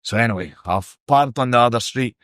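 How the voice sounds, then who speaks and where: A Scottish man telling a story on a podcast, in a casual, animated and sweary way. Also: mid-range voice, a little fast, clean tone, no room sound, clean studio sound. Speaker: podcast guest.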